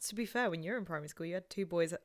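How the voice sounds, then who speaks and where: A woman's voice: fairly low pitch, rapid-fire. A young woman co-hosting a podcast in casual chat, teasing, laughing often and swearing freely. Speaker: podcast co-host.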